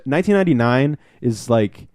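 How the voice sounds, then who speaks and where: A man co-hosting a podcast, telling a rambling, excitable anecdote in casual chat and swearing now and then. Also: mid-range voice, a little fast, no echo, studio quality. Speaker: podcast co-host.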